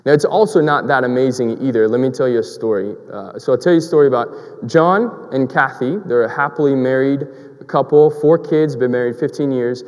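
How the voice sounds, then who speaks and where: A man's voice: medium pitch, a little mellow, big-room sound. A man preaching a sermon in a conversational, storytelling way, asking rhetorical questions.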